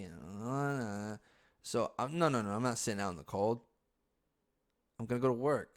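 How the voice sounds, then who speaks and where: A young man hosting a podcast, telling stories in a loose, profane, casual way with sudden loud outbursts. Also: medium pitch, normal speed, pauses often. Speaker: podcast host. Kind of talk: casual storytelling monologue.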